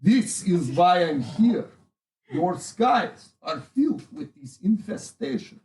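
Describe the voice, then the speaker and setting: A man's voice: very animated, gravelly, darkish tone, echoey room, recorded from a distance, full character voice. Man putting on a pompous Russian-accented space politician. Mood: rousing. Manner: slow, booming, pompous speech. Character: grandiose male space politician rallying crowds.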